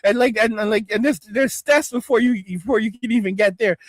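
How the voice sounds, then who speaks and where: A brisk, high-sitting male voice comes through on a dry recording. He hosts a livestream, swearing a lot, rambling and stammering as he restarts sentences, and he talks straight to viewers while reading chat comments.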